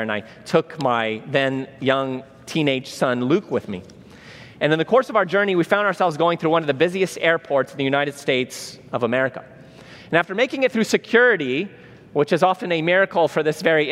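A middle-aged man delivers a sermon as a vivid story, giving each person in it their own lines. His voice sits high for a man. The sound carries a long reverb from a large hall. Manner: animated storyteller, acts out dialogue. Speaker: preacher.

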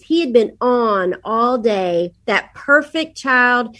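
A middle-aged woman on a podcast talks through parenting advice in an easy, chatty way. She often slips into her children's voices as she tells stories, and her voice sits a little high. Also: expressive, slow, fairly bright tone. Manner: storytelling, quotes her kids. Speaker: podcast guest, parenting speaker. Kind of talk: casual advice talk.

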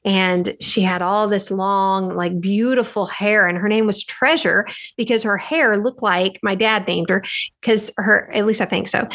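A woman's voice: medium pitch, a bit bright. A woman podcast host from the United States, telling a personal story in a chatty, rambling way with lots of "like" fillers.

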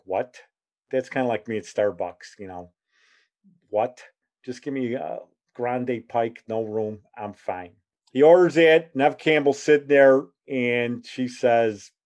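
A man in his forties hosts a casual solo podcast, telling folksy stories in a chatty way. His voice is mellow and dark, at a middle pitch. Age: 40s. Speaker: podcast host.

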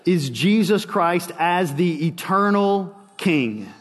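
A man preaching a sermon with a slow, dramatic delivery and long pauses. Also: high-pitched, animated, in a large hall, soft background music.

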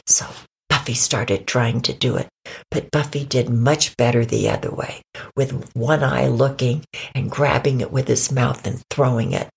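A woman improvising a children's story, voicing the characters with big jumps in pitch and dropping into whispers. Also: normal speed, creaky, slightly rough.

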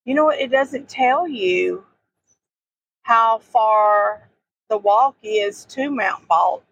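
A woman's voice: on the high side, slow pace, a bit bright, husky, no room sound, dull audio. A middle-aged woman, chatting casually as a podcast co-host while outdoors at sand dunes. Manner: chatty, homespun drawl. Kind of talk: casual travel chat.

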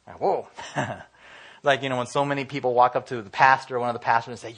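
A man's voice: mid-range voice, animated, fast talker, fairly bright tone, breathy edge. A man preaching a casual, conversational sermon, often acting out what people say and filling his talk with "you know". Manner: conversational, acts out quoted voices, many fillers.

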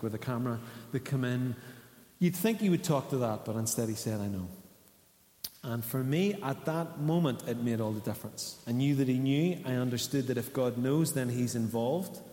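In an echoey church hall, a pastor preaches with a medium-pitched, slightly mellow voice. He keeps the sermon conversational, putting questions to the congregation.

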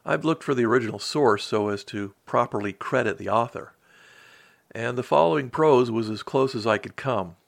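A man narrating a parable in a slow, measured, reflective way. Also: medium pitch, gravelly, no room sound. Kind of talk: storytelling narration.

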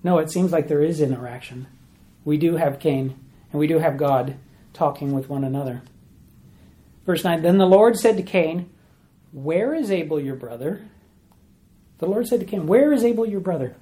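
A man's voice: on the high side, expressive, normal speed, pauses often, warm tone. A man preaching, teaching through a Bible passage verse by verse, asking questions and repeating key words for emphasis. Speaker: pastor.

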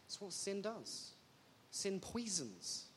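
Lively woman preaching a sermon. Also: medium pitch, slow, a little hiss or hum. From England. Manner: animated, jokey, full of rhetorical questions.

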